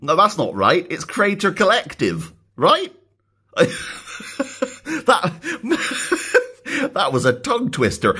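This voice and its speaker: Excitable guy unboxing stuff, bit husky, voice jumps all over, keeps joking around. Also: fairly low pitch, a little slow. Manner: excitable, jokey, laughs often. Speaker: YouTuber unboxing a package. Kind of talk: casual unboxing vlog. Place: indoors, later outside in his back garden.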